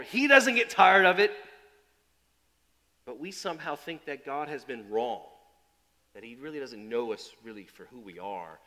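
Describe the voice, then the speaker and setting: A man preaching a sermon. His delivery swings from loud, emphatic build-ups to quiet, low asides, and he often repeats and restarts phrases. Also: in a large hall. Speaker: pastor.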